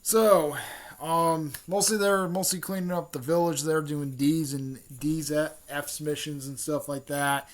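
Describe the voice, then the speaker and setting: Fan channel host, male, higher-pitched voice, loose rambling delivery, swears casually. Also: fairly even intonation, measured pace.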